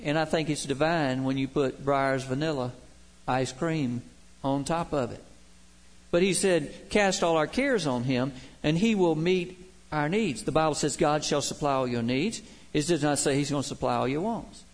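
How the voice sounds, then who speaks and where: An older man preaching a sermon as pastor, stressing key words by slowing down, with folksy humorous asides. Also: a little high.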